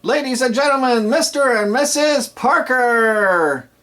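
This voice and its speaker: A man's voice: very high voice, lively intonation, voice pushed up, heavily acted. A man putting on the voice of an enthusiastic wedding MC, stretching out his announcements so they build up. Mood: hyped. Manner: drawn-out, building announcer shouts. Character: booming enthusiastic adult male wedding MC. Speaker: DJ demonstrating announcements.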